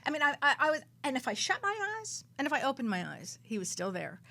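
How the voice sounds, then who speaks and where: A woman who works as a psychic medium, a guest on a radio talk show, telling her story in an animated, dramatic way and repeating words for emphasis. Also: fast, gravelly. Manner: animated, dramatic storytelling with big swings in pitch and loudness.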